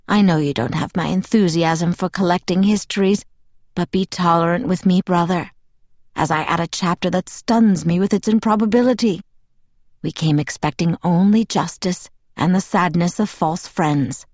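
A woman voicing a smooth, affectionate ancient male vampire leader, speaking slowly and caressingly. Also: fairly low pitch, a little mellow, no room sound, dull audio.

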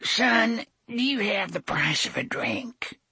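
A man's voice: sits high, very animated, takes it slowly, pushed and bright, breathy edge, dry recording, voice pushed up, exaggerated voice. A man voicing a drunken, beaten old barfly who whines and cackles as he begs for a drink. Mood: wheedling. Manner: cackling, whining, pleading.

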